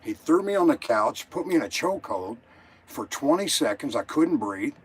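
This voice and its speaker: Husky, agitated older man. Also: medium pitch, big pitch swings, moderate pace. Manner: agitated, rambling, profane. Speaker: caller. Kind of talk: emotional call-in story.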